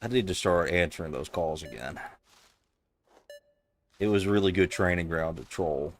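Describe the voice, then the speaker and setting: A man's voice: low voice, normal speed, a little hiss or hum. A man streamer in casual chat, telling stories in a rambling, amused way.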